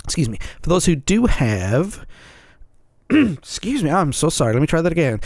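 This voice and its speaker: A man's voice: a little high, big pitch swings, unhurried, dry recording, clean studio sound. A man hosting his own podcast, talking frankly and at length on his own, repeating himself and often checking in with his listeners. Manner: rambling, repeats himself, keeps checking in with "okay?"; frank and earnest. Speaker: podcast host. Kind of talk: solo confessional podcast monologue.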